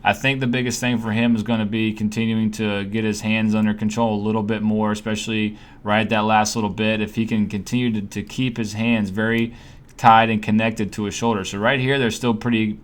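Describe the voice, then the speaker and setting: A man's voice: on the low side, level tone, brisk. A young man coaching hitting in a casual voice-over, talking through a swing breakdown with lots of fillers and restarts. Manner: conversational, many fillers and restarts.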